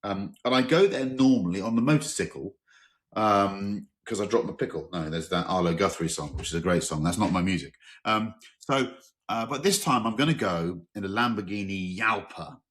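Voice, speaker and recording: A middle-aged English man hosting a car podcast in a relaxed, chatty way, telling enthusiastic anecdotes. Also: on the low side, normal speed. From England. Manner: chatty, enthusiastic, tells anecdotes, exaggerated quoted voices. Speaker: podcast host. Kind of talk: casual chat.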